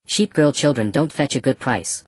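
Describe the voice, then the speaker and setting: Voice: mid-range voice, normal speed, slightly rough, dry recording, clean studio sound, lightly acted. A narrator voicing a cruel, mocking male slave trader in a black robe, speaking casually and scornfully. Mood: cold mockery. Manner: casual, scornful, matter-of-fact.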